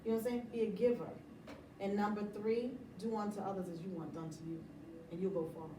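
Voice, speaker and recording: A woman's voice: mid-range voice, steady tone, fast, roomy sound, far from the mic, background noise. A middle-aged woman talking about running her business in a casual interview, emphatic and motivational, often laughing. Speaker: interview guest, business owner.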